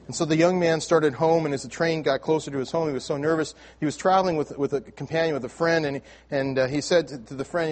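A man preaching a sermon to his congregation, telling a story with frequent restarts and repeated words, swinging between loud emphasis and hushed, near-whispered lines. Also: a little high, steady tone, quick pace, hardly any pauses. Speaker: pastor. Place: church sanctuary with congregation.

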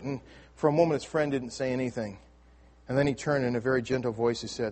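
Man, preacher, somewhat high voice, sermon, storytelling, restarts and repeated words, loud emphasis dropping to hushed endings. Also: fast talker. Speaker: pastor. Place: church sanctuary with congregation.

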